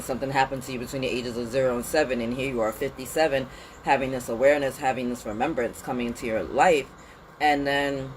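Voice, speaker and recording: A woman hosting a casual spiritual pep talk outdoors in the cold, animated and slangy, sniffly with a runny nose. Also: rumbling low, slight background noise, poor audio. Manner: animated, slangy and conversational, with lots of "like" and "you know". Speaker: spiritual reader and channel host.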